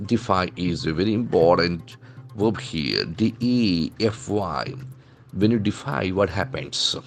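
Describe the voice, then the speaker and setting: A man's voice: deep voice, expressive, slow pace, creaky, faint music behind. A man teaching English vocabulary from the newspaper, spelling words letter by letter and explaining how each is pronounced. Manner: explains pronunciation and meanings methodically. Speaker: English language trainer.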